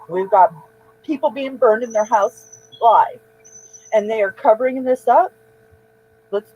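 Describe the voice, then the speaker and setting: A woman's voice: medium pitch, darkish tone, a little hiss or hum. A woman hosting an emotional live-stream monologue, upset and agitated, rambling and repeating herself. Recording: dull lo-fi stream audio.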